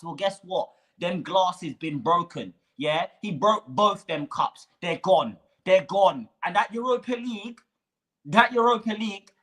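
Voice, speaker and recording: Fan-channel host, livestream rant, heated and swearing, pitch swings all over, slangy delivery. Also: male voice, fairly bright tone. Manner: heated, profane, street slang. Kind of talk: livestream match reaction rant.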